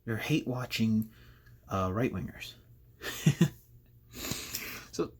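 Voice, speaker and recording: A man's voice: on the low side, animated, extremely slow, darkish tone, breathy edge. A man hosting casual political commentary, sarcastic and rambling with frequent restarts.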